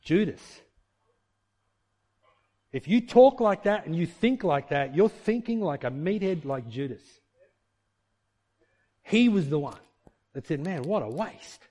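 High-voiced man preaching. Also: slow, pauses often. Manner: conversational preaching with rhetorical questions; animated, shifting pace for emphasis. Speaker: pastor. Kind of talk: sermon.

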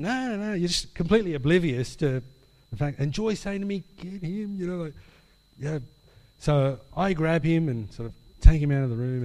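A man preaching a sermon, telling an animated story and acting out the dialogue. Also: high voice. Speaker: pastor. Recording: long hall reverb.

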